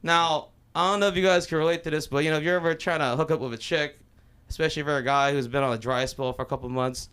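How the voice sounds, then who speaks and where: A man's voice: on the high side, fairly even intonation, fast talker, a bit bright, clear, resonant tone. A young man from Los Angeles doing a loose, rambling, profane open mic stand-up set in a small comedy club.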